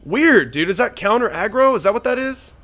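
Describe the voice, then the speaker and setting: A man's voice: high voice, expressive, brisk, pushed and bright. A young man giving casual, profane gameplay commentary as he plays a card game, rambling and thinking aloud. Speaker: gaming YouTuber.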